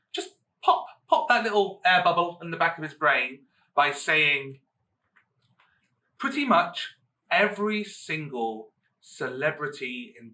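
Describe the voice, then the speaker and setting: Guy co-hosting a chat show, bright voice, animated, jumps into silly high voices, sits back from the mic. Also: recorded from a distance. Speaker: co-host. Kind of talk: casual chat.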